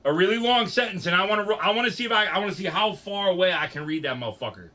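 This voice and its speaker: Animated, bright-voiced streamer man. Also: high voice, racing. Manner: rambling, profane, jokey. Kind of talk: casual livestream chat.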